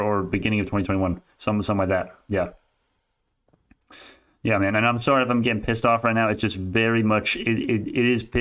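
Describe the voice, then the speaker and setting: Youngish guy streaming stock talk, kinda low voice, gets heated w chat and laughs a lot. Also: clean tone. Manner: animated, argumentative, laughs often, reads chat aloud. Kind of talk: casual live-stream commentary.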